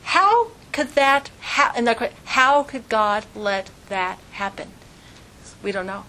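A woman's voice: fairly high pitch, animated, slow pace, bright, forceful tone, slight background noise. A woman teaching an informal religious class, earnest and conversational, with strings of rhetorical questions. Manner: conversational, frequent fillers like "like".

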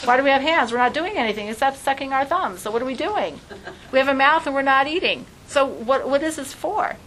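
A woman's voice: high-pitched, animated, fairly quick, fairly bright tone, a little hiss or hum, pitched above the performer's own voice, poor audio. A woman voicing a hopeful unborn baby who reasons eagerly, asking wondering questions.

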